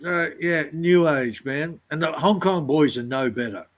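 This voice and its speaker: A man in casual chat, blunt and jokey. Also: a little slow. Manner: blunt, jokey, mimics others in high voices.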